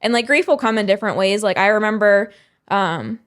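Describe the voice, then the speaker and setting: A woman's voice: medium pitch, brisk. Young woman guest, mid-range voice, candid and rambling, casual conversational delivery. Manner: candid, rambling storyteller with many "um" and "like". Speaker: podcast guest. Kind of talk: casual chat.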